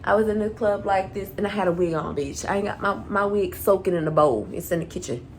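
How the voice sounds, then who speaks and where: A young woman rants through a storytime on her vlog, swearing freely and acting out every line of dialogue she quotes. Her voice has a gravelly fry, with faint noise under the recording. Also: mid-range voice, fast talker. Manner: animated, profanity-laced, acts out quoted dialogue. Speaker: vlogger. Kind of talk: profane storytime rant.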